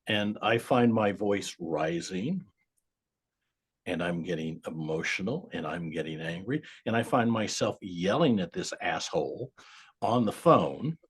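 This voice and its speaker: A man's voice: lowish voice, husky. A man in his seventies, a guest accountant telling stories bluntly and emphatically in a podcast interview, swearing now and then. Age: 70s.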